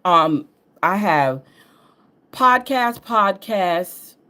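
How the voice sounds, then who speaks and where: A woman's voice: mid-range voice, expressive, drawn-out words, bright, forceful tone. A woman from New York with a Southern drawl picked up over the years, hosting a reading show in a chatty, rambling way with laughs and self-corrections. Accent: Southern US drawl over an upstate New York base. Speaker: host and astrology reader. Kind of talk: casual rambling chat.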